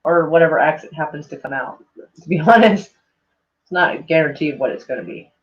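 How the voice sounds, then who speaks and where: A woman's voice: sits low, brisk. A woman streamer chatting casually with her viewers in a rambling, self-mocking way, swearing freely. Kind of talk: casual livestream chat. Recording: dull lo-fi sound.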